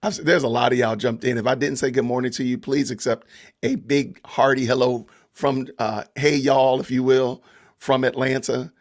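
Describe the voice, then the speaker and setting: A man's voice: mid-range voice, fairly even intonation, moderate pace. A man with a Southern Georgia accent hosting a casual livestream podcast, chatting loosely with viewers and greeting the chat. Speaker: podcast host.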